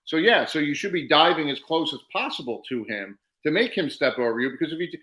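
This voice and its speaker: Bright-toned man talking in an echoey room. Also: a little high, expressive, fast talker. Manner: blunt and salty, explains wrestling moves. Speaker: podcast host, wrestler. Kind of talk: casual podcast chat. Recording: roomy echo.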